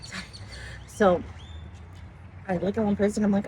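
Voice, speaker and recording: A woman's voice: mid-range voice, flat delivery, unhurried, mellow. A woman casually telling a story outdoors near water, rambling and giggling and often distracted. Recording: noisy outdoor recording.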